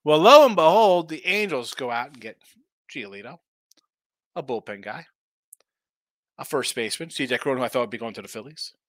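A man's voice: medium pitch, animated, moderate pace, pauses often, fairly bright tone, no room sound. A man hosting a sports betting show, talking casually and rambling through opinionated takes full of rhetorical questions.

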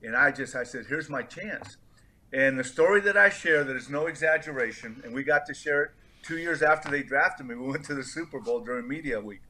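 A man's voice: medium pitch, fast. A middle-aged man from California, a former football player telling stories as a podcast guest and acting out the people he quotes. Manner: animated storyteller, acts out quoted voices. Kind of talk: storytelling in a podcast interview.

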